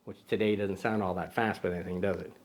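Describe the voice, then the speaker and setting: A man's voice: low voice, fairly even intonation, fast talker, loud music behind the voice. A man hosting a casual camera show, joking around, teasing a little sidekick and rambling with self-corrections. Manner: playful, teasing, talks to a little buddy sidekick; loose and rambling, with many ums and self-corrections. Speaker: camera channel host.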